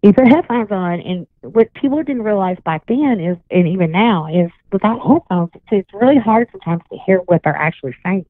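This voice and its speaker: A woman's voice: medium pitch, expressive, brisk, hardly any pauses, no echo. Woman telling ghost stories over a phone line. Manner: rambling storytelling with many restarts. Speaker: guest psychic and paranormal investigator. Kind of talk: casual radio chat. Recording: tinny phone line, dry.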